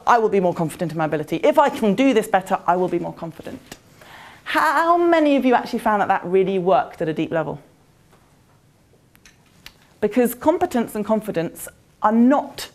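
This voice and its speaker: This female conference speaker has a medium-pitched, slightly mellow voice. She delivers a motivational presentation conversationally, asking the audience questions as she goes.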